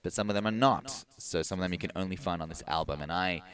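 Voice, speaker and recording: Deep-voiced laid-back radio DJ man. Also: quick pace. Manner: relaxed, rambling, filler-heavy. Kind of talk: casual radio DJ patter.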